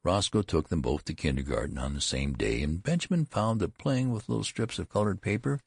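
Reading a classic tale in scripted narration, this male audiobook narrator sounds measured and expressive. He has an extremely deep, husky voice with gravelly fry, captured in a close, dry recording.

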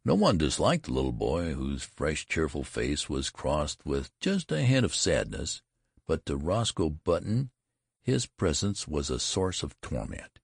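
Deep gravelly male audiobook narrator. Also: dry recording, studio quality. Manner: measured, expressive storytelling. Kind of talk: scripted narration.

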